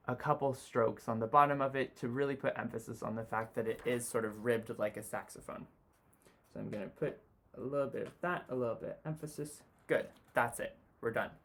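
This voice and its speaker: A man walks through a sketch step by step as he draws, relaxed and unhurried. His voice sits in an ordinary middle pitch, and his talk is loose and full of small fillers. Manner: relaxed, talks while drawing, many "you know" fillers. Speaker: design tutor. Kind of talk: sketching demonstration.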